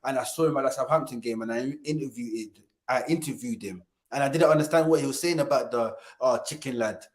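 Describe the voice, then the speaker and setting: On a casual football fan-channel live stream, a male co-host talks fairly quickly in a mid-range voice. He jokes, laughs plenty, repeats phrases, and hypes viewers to like and subscribe.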